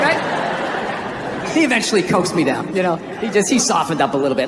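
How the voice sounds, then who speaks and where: Middle-aged guy doing standup, yells a lot, swears nonstop, roomy hall echo, crowd roaring. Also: high-pitched, big pitch swings, quick pace, pauses often. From United States. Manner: brash profane ranting, bursts into shouts. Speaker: stand-up comedian. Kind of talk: stand-up comedy set. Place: live stage before an audience. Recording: echoey hall, loud crowd and noise.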